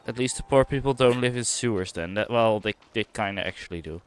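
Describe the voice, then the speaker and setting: A smooth, fairly low male voice carries this casual gameplay commentary. As he streams and explores, he muses out loud, fires off quick reactions, and reads the dialogue.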